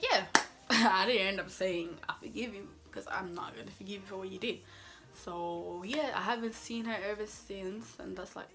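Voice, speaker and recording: Sassy young woman telling a story. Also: medium pitch. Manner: sassy, emphatic, full of "like" and "mm-mm". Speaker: vlogger. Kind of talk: casual storytime.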